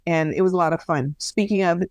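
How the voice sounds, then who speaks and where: Animated woman telling a story, dry sound. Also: lowish voice, a little fast, no room sound. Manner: animated storyteller, acts out quoted voices, laughs at herself. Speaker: podcast co-host. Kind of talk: casual storytelling chat.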